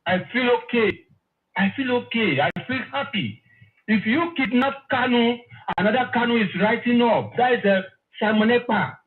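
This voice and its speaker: A man's voice: extremely high pitch, normal speed. A man calling in, effusive and emotional, repeating his praise. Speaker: caller. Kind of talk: phone-in call. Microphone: phone. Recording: tinny phone line.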